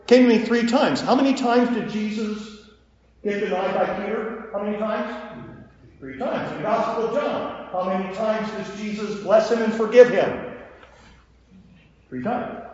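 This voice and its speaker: A man preaching a sermon as pastor, telling the story with acted dialogue and lively asides, recorded in a church sanctuary. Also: high-pitched. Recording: echoey hall, dull lo-fi sound.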